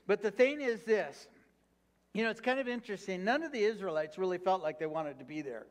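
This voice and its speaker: A man with a high-pitched voice preaches to his congregation. He reads scripture aloud and then presses its point with fervent repetition, calling on the listeners to say lines back to him. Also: animated, a little fast. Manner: preaching with call-and-response prompts to the congregation. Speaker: pastor. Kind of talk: sermon.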